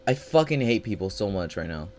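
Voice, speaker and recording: A man's voice: on the low side, sing-song, brisk, a little mellow, a little hiss or hum. A man giving live gameplay commentary, swearing constantly and swinging between panicked yelps and frustrated grumbling. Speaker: gaming channel host.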